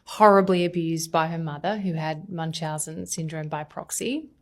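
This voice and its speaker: Low-voiced Australian woman journalist. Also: moderate pace, soft background music. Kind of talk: calm TV interview narration.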